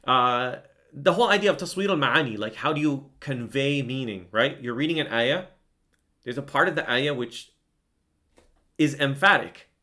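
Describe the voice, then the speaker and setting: A man's voice: medium pitch, animated, moderate pace, bright, forceful tone. A man teaching Quran recitation in an online lesson, explaining casually and enthusiastically, often checking in with "right?" and breaking into melodic chanting to demonstrate.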